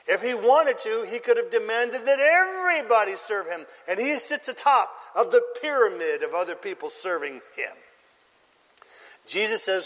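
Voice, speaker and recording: A man's voice: high voice, animated, moderate pace, fairly bright tone. Man, pastor, sermon, emphatic, quizzes the congregation, lingering hall reverb. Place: church.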